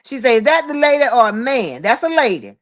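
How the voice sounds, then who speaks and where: Chatty woman livestream host, a bit high-pitched, reads chat and calls everyone honey. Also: sing-song, fairly quick. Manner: chatty, calls listeners honey, child and boo. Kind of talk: casual livestream chat reading viewer comments.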